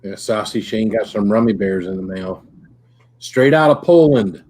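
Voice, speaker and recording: A man's voice: fairly low pitch, expressive, moderate pace, a little mellow, slightly rough. A man in casual chat who mostly adds short replies and quips. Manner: brief back-channel replies and quips.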